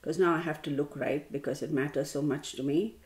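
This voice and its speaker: A woman's voice: low-pitched, fairly even intonation, fairly quick, darkish tone. A woman tarot reader telling a rambling story straight to her viewers, calling them y'all.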